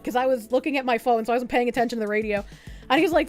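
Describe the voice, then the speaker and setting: A woman streamer with a high voice reacts to an article in casual, sarcastic chatter. She swears freely and darts off into quick asides. Faint music runs behind her.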